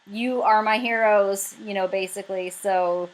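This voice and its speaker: Chatty Canadian woman, rambling pitch. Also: fairly even intonation, measured pace, rough recording. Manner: chatty and rambling, many fillers and restarts. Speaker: writer pitching her crowdfunding campaign. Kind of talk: casual talk to camera.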